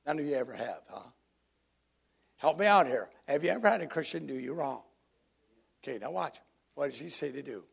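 A man's voice: a little high, creaky, husky. A man preaching a sermon to his congregation in a conversational way, drawing listeners in. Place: church congregation.

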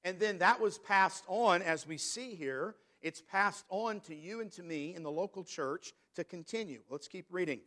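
Higher voiced guy preaching, reads bible verses slow and emphatic. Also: pushed and bright. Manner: preaching, reads scripture in King James wording, slows for emphasis. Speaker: pastor. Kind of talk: sermon.

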